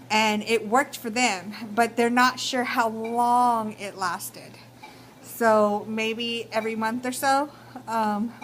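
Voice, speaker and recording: A young Texan woman with a slightly high voice chats casually to the camera, full of ums and you-knows as she gives advice. Faint background noise sits under her voice. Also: low-quality recording. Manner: chatty, many fillers like um and you know. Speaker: vlogger.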